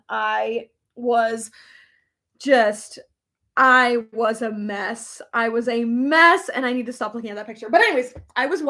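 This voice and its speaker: Chatty young woman, slightly high voice. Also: fairly bright tone. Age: young adult. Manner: chatty, rambling with many fillers and laughs. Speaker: livestream host reading comments. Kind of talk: casual chat.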